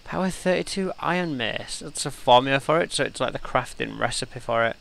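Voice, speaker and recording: A man's voice: medium pitch, fairly quick, vocal fry, few pauses. Chatty man narrating a game. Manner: chatty, easily excited, thinks aloud. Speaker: gamer. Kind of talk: let's play commentary.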